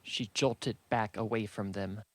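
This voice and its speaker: A man narrating a fantasy audiobook in a steady, measured storytelling manner. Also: fairly low pitch, dry recording.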